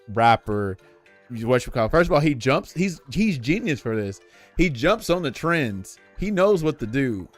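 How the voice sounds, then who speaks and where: A young man streaming from home, ranting in casual slang and addressing his chat directly. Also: medium pitch. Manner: animated, opinionated, slangy, talks to chat.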